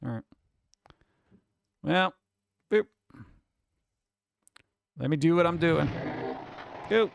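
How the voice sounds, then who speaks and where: A man's voice: on the high side, slow, gravelly, pauses often, dry recording. A man rambling casually on a live stream, reading out list items and riffing on them in an offhand way.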